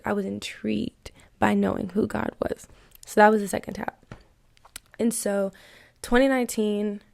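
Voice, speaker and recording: A young woman tells her own faith story on her podcast, earnest and reflective. Her voice is heavily gravelly with fry and stays fairly level in pitch. The sound is dry and close. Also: a little mellow, no room sound. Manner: earnest, reflective, emotional at times. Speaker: podcast host. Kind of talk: personal testimony, casual and heartfelt.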